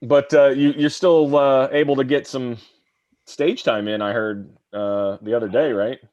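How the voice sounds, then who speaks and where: A man's voice: mid-range voice, steady tone, measured pace, darkish tone, dull audio. Wry self-deprecating male co-host. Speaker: podcast co-host. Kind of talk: casual comedic chat.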